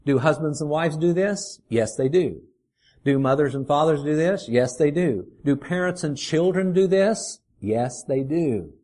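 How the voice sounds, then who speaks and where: A middle-aged man preaching a sermon, earnest, putting questions to the congregation and slowing down to stress his points. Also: on the high side, expressive, mellow. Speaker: pastor.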